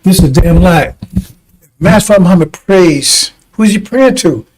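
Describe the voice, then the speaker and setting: A man's voice: high voice, unhurried, darkish tone, breathy edge, poor audio. A man preaching in a combative, rambling way, often breaking off to ask "see?". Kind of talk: fiery preaching broadcast.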